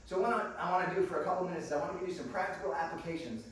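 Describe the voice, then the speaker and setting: A man preaches with lively, enthusiastic warmth, laughing and addressing the congregation as friends. His voice sits a bit high. The sound comes from a distance with heavy church-hall echo and a faint hiss behind it. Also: very fast. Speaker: guest preacher. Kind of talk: sermon. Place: church sanctuary. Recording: echoey room picked up from a distance.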